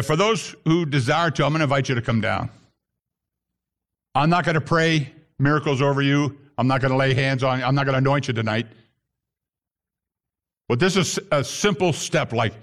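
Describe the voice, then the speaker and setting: A man preaching an animated sermon as a messianic pastor, rising to shouts at times and using Hebrew terms. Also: medium pitch.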